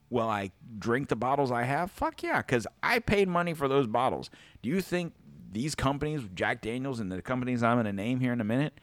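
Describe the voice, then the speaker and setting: A man hosting a podcast, ranting casually and profanely, swinging between loud outbursts and low mutters. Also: no room sound. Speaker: podcast host.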